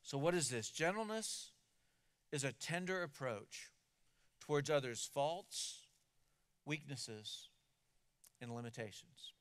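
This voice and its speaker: A man's voice: medium pitch, lively intonation, takes it slowly, pauses often, a bit bright, clear, resonant tone. A man preaching a sermon in an earnest, emphatic way, often repeating words as he builds a point. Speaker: pastor.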